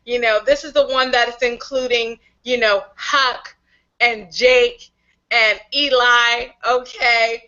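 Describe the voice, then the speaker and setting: A woman co-hosting a TV recap podcast, retelling scenes in an animated, storytelling way. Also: fairly high pitch, slow, dull audio. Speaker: podcast co-host. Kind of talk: TV episode recap chat.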